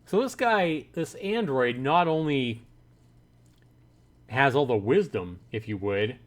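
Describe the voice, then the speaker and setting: Man reading a visual novel on stream. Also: slow. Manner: animated, voices his own reactions in a higher, louder pitch. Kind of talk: livestream commentary, reading game text aloud.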